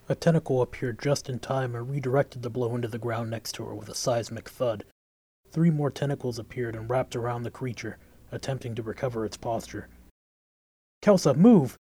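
A man reading an action fantasy story aloud as narrator, in a steady, even delivery. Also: mid-range voice, dry recording. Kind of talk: audiobook narration.

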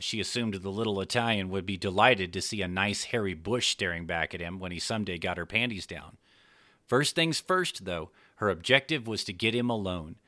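Low-voiced man narrating a story. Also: bright, forceful tone, no echo. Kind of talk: scripted narration of an adult story.

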